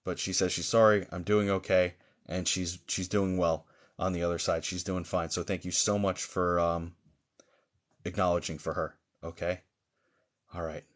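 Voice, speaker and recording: A man acting as a psychic medium hosts a live reading on stream, his pitch a touch below most and barely moving. Halting and searching, he leans on pauses and fillers, keeping a soft, reassuring manner with viewers.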